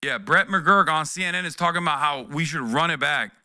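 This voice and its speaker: Brash, bright-voiced streamer ranting. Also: male voice, a little high, brisk, no room sound, studio quality. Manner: profane, sarcastic and exasperated. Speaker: political streamer. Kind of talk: live reaction commentary.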